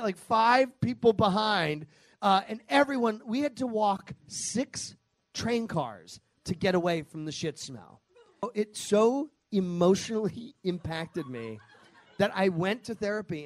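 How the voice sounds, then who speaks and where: A man telling a true comic story live, animated and profane, often laughing through his lines. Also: high voice, no room sound.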